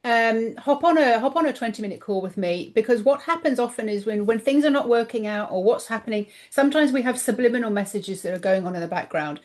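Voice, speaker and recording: A woman guest on a podcast, chatting casually about her coaching work, animated and acting out the voices she quotes, her voice getting a little tired. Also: on the high side, fast, few pauses. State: voice tiring, clears throat. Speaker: guest, intuitive coach and author.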